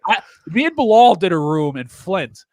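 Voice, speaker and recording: A man telling stand-up road stories in a casual podcast chat, brash and profane, sometimes loud and laughing. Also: high voice, big pitch swings, moderate pace, dry recording. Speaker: touring stand-up comedian, podcast guest.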